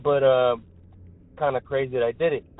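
A young man calling in to tell a spooky story in a rambling, excited way, full of fillers. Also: medium pitch, normal speed, dry recording. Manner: excited, rambling, heavy use of filler words. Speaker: caller telling a paranormal experience. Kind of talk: casual storytelling. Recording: tinny phone line, dry, faint music.

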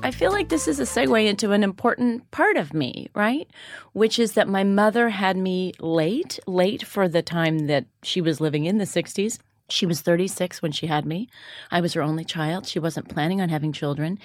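A woman guest talking reflectively in a relaxed interview. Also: fairly low pitch, normal speed, dry recording, clean studio sound. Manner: reflective, conversational. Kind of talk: casual interview.

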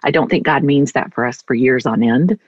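A middle-aged woman author talks in a heartfelt, reflective way with a husky tone. Her voice comes through dry and slightly dull, like a remote recording. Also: very deep voice, a little fast, no room sound. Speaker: author guest. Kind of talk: conversational interview.

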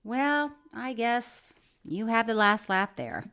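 A woman co-hosting a comedy podcast, chatting casually and reading listener mail aloud with a quick laugh. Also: fairly high pitch, very animated, a bit bright, clean tone. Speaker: podcast co-host.

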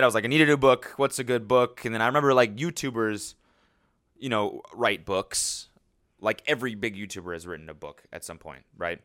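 A young man hosts a solo podcast in a bright, crisp voice that sits on the low side. He tells his story casually, swearing freely and poking fun at himself, and gets animated as he goes. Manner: profane, self-mocking, animated storytelling. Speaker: podcast host.

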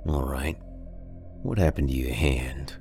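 A man voicing a stern, calm detective in a horror story, measured and firm. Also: extremely low pitch, soft background music.

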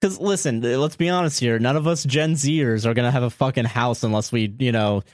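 A man's voice: mid-range voice, fairly quick, no room sound, studio quality. A young man co-hosting a casual podcast, reading listener stories aloud and reacting with loose, swearing chat. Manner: swearing, laid-back, animated. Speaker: podcast co-host.

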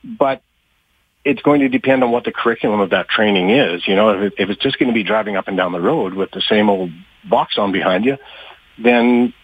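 A man who works with trucking companies, answering radio interview questions in a halting way with many fillers and restarts, a little out of breath. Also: on the low side, husky, no echo. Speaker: trucking industry guest. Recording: muffled phone-like line, dry.

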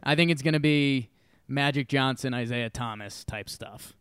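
A young man co-hosting a sports talk show, telling animated stories in casual chat and swearing freely. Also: medium pitch, normal speed, clean tone, dry recording. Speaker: sports podcast co-host.

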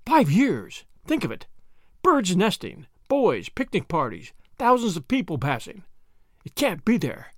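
A man's voice: high-pitched, huge pitch swings, a little slow, no echo, clean studio sound, exaggerated voice. A male narrator voicing a nervous, doubtful young British adventurer in an audiobook. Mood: uneasy. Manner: doubtful and uneasy.

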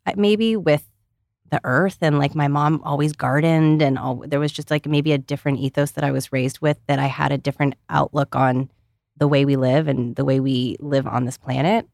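Bubbly ohio woman, low voice, dry close sound, says like a lot. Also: fairly even intonation, normal speed, vocal fry, a little mellow, no room sound. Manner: bubbly, lots of "like" fillers. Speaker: podcast guest. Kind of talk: casual chat.

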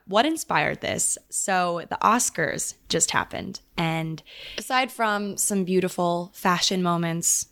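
A woman's voice: on the low side, fairly bright tone. A woman in her twenties hosting a podcast, chatting casually with frequent laughs and fillers. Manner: chatty, giggly, many fillers. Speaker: podcast host. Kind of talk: casual chat.

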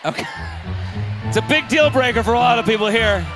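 Speaking over music at an extremely high pitch, a man co-hosts a podcast live on a theater stage, riffing quickly with the crowd in comedic banter.

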